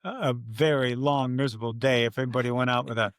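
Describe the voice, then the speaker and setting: An older man, a race announcer, telling stories in a podcast interview, animated and acting out his own quotes. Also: mid-range voice, fast talker, dry recording, clean studio sound.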